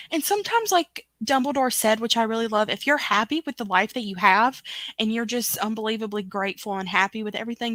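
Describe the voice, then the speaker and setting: A woman's voice: mid-range voice, sharp tone, no room sound. A woman hosting a casual livestream chat, reading viewer comments aloud in a chatty way. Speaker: book club host.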